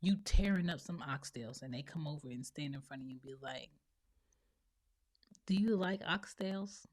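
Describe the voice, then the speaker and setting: A blunt, opinionated woman podcaster and mother airs her views in a solo monologue, acting out what other people said. Her voice is rumbling and low, darkish in tone, and fairly quick.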